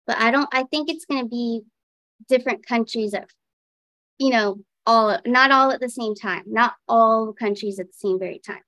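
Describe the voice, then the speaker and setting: A woman's voice: fairly high pitch, normal speed, a bit bright, dry recording. A woman guest doing a casual tarot reading, thinking aloud as she turns cards.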